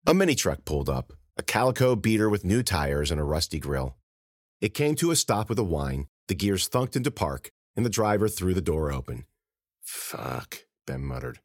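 Male author-narrator, low and animated, dry studio sound. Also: moderate pace, no room sound. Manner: expressive, animated reading. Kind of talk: scripted audiobook narration.

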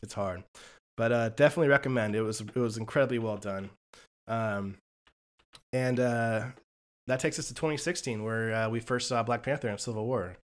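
Podcast guy retelling movie scenes, animated, does little voices for quotes, mid pitch. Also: moderate pace. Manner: animated storytelling with quoted lines. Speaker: podcast co-host reviewing films. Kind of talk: casual chat.

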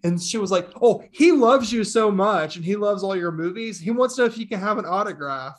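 A man co-hosting a horror podcast, telling stories in a casual, animated way, laughing often and mimicking other people's voices. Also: sits high, brisk. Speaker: podcast co-host. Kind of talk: casual chat.

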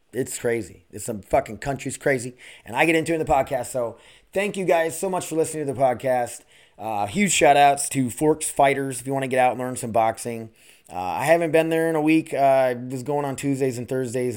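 A man hosting a casual solo podcast, talking bluntly and rambling from one thought to the next. He swears freely, and his voice sits at an ordinary middle pitch for a man. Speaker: podcast host.

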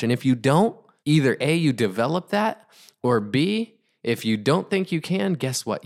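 Fired-up man preaching sales. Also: lowish voice. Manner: energetic, emphatic, repetitive preaching. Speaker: podcast host, entrepreneur. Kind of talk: motivational talk.

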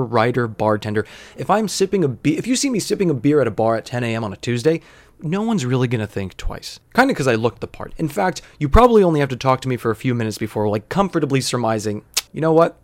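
A man's voice: medium pitch, quick pace. Wry young man telling a story. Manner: wry, deadpan, conversational. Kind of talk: personal storytelling monologue.

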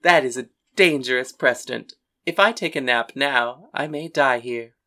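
A woman voicing a tough, loyal young woman known as the whiskey girl, speaking low and earnest with dry humor. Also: normal speed, pushed and bright. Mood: wry affection.

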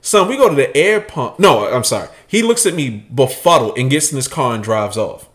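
Young male co-host, profane and animated, lively pitch, acts out voices mid-story. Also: fairly quick. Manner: profane, slangy. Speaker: podcast co-host. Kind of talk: casual chat.

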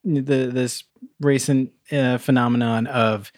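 A man's voice: mid-range voice, steady tone, slow. A male podcast co-host in casual chat, with a mid-range voice. He stays laid-back and mostly answers in short reactions. The recording is dry, with no room echo.

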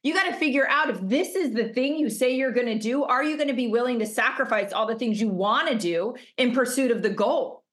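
A woman's voice: on the high side, fairly quick, hardly any pauses, a bit bright. A middle-aged woman coach giving an emphatic motivational masterclass over a video call, stacking up rhetorical questions. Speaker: business coach.

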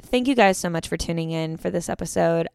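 A woman's voice: lowish voice, fairly quick, vocal fry, a little mellow, clear, resonant tone, no echo, clean studio sound. A young woman in her twenties hosting a solo podcast, chatty and rambling, often correcting herself mid-sentence. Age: 20s. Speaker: podcast host. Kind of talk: casual solo podcast talk.

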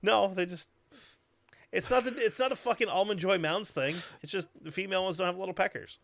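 A man's voice: sits high, fairly quick, vocal fry, fairly bright tone, dry recording. A man co-hosting a casual podcast, cracking crude, profane jokes and heckling the reader. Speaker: podcast co-host.

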